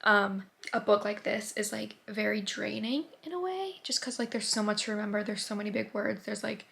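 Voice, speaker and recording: A woman's voice: mid-range voice, expressive, a little fast, vocal fry, a bit bright. A young woman in her twenties talking casually in a book vlog, chatty with many fillers, sometimes dropping to a whisper. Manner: chatty, filler-heavy, drops to whispers at times. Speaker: book vlogger.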